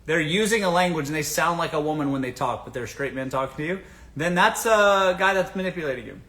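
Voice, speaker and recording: A man's voice: on the high side, lively intonation, fast, fairly bright tone. A man from the American South hosting a casual livestream, giving blunt dating advice, swearing freely and asking the audience rhetorical questions.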